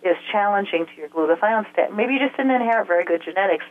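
Speaking over a tinny telephone line, a woman with a mid-range voice and lively intonation talks at a quick pace. She's a health expert guest in an interview, explaining things step by step with frequent filler sounds.

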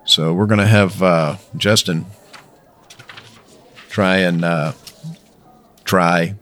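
A man hosting a casual drinks podcast, joking and rambling with filler pauses. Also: sits low, steady tone, fairly bright tone. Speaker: podcast host.

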